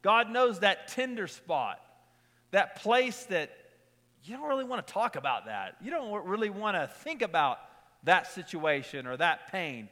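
High-voiced pastor preaching in a reverberant hall. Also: male voice, big pitch swings, bright, forceful tone. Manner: conversational preaching with repeated lines and quick personal stories. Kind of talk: sermon.

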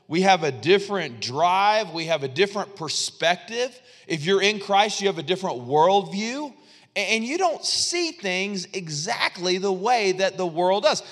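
A man's voice: high-pitched, fairly bright tone, big-room sound. A man pastor preaching a sermon in a church, conversational and repetitive, calling on the congregation to respond.

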